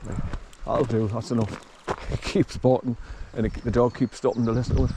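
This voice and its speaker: A man vlogging outdoors in a forest, with the camera on his chest harness, explaining things in a halting, rambling way and coaxing his dog along. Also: medium pitch, level tone, noisy background. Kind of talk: casual walking vlog.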